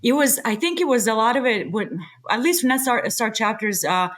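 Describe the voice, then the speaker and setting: A woman's voice: a little high, lively intonation, fairly quick, fairly bright tone. A woman co-hosting a podcast in casual chat, confidently explaining her theories and swearing casually. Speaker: podcast co-host.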